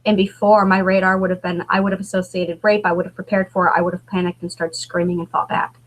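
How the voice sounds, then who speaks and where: Halting, candid woman in her thirties. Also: lowish voice, flat delivery, low-quality recording. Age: 30s. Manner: halting, emotional, many restarts. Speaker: author guest. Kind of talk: candid conversation.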